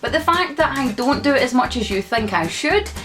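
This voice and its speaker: High-voiced Scottish woman, sarcastic. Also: animated, a little fast, fairly bright tone, faint music behind. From Scotland. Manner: sarcastic, exasperated, emphatic. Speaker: vlogger. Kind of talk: casual ranting vlog.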